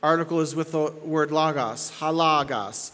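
A man's voice: on the high side, normal speed, a bit bright, big-room sound. A man preaching an expository sermon as pastor, emphatic and repeating key points for stress.

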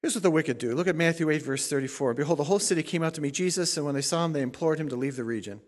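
Emphatic pastor preaching in a reverberant hall. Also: male voice, on the high side, rapid-fire. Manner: emphatic preaching, swings from quiet asides to loud rising exhortation. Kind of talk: sermon.

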